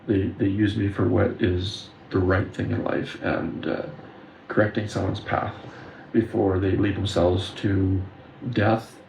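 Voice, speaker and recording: Deep, creaky and darkish, the man's voice stays level as he tells personal stories of his spiritual experiences. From the Windsor, Ontario and Detroit area, this video creator speaks in an earnest, intense monologue with filler pauses. Expect echo and faint background noise.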